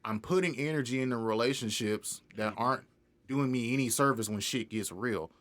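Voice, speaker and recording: A young man, an independent music artist, telling a story in a casual interview. He is animated, laughs often and acts out other people's lines. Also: mid-range voice, normal speed.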